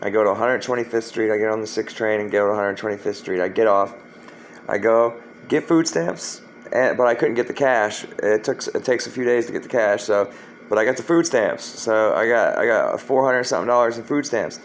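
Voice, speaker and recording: A man's voice: on the low side, a little fast, a little hiss or hum, rough recording. A man from Florida telling a story from his past in a rambling, profane way, full of fillers and restarts. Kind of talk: casual spoken storytelling.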